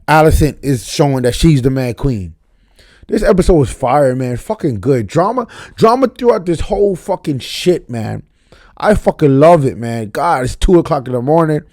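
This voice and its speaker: A man's voice: medium pitch, lively intonation, moderate pace, darkish tone, no echo. A young man, reviewing a TV episode at home late at night in a profane, emphatic casual rant. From New York area. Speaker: TV review vlogger.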